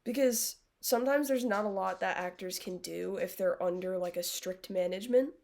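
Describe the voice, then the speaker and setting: A woman's voice: mid-range voice, moderate pace, creaky, darkish tone. A young adult woman live-streaming, chatting casually with viewers in a blunt, sarcastic way, swearing freely. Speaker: livestreamer.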